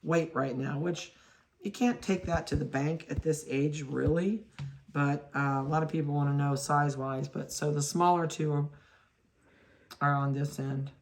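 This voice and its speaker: A woman's voice: deep voice, steady tone, moderate pace, a little mellow, slight background noise. A woman dog breeder giving a chatty running commentary while handling puppies, talking to them and laughing at her own mix-ups. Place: indoors at a kennel.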